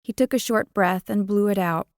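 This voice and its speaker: A woman narrating a first-person romance audiobook in an expressive, playful way, on a close studio mic. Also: mid-range voice, moderate pace, no echo.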